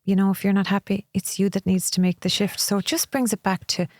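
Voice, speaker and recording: A woman's voice: mid-range voice, steady tone, fast talker, darkish tone, no echo, studio quality. A middle-aged Irish woman speaking candidly and reflectively as a podcast guest, sometimes acting out the voices of people she meets. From Ireland. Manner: reflective, candid, often acts out quoted voices. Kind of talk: conversational interview.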